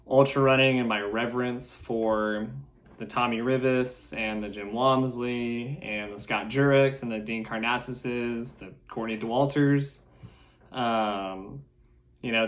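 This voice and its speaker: Man, podcast host, slow deliberate talk, earnest, nervous, halting. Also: medium pitch, fairly even intonation, a bit bright. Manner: earnest, self-deprecating, halting. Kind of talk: solo podcast monologue.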